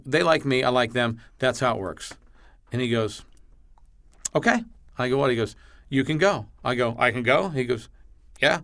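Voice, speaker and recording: Swearing freely and acting out each side of the dialogue, a male comedian guesting on a podcast tells a story with blunt, animated delivery. His mid-range voice moves at a moderate pace.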